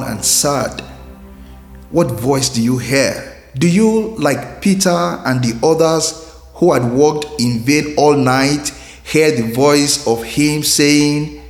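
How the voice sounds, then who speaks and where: A man hosting a devotional, speaking earnestly and asking repeated questions. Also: fairly high pitch. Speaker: devotional host. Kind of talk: slow devotional reflection. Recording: roomy reverb with soft music.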